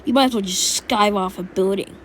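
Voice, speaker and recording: A woman voicing an aggressive teenage boy bully with a loud, taunting delivery. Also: medium pitch, a little fast, a little hiss or hum, natural voice. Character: angry shouting teen boy bully.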